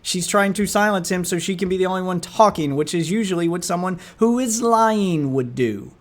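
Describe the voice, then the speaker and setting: A man's voice: high-pitched, lively intonation, normal speed. A man commentating on a live stream, mocking and scornful, talking back at the screen.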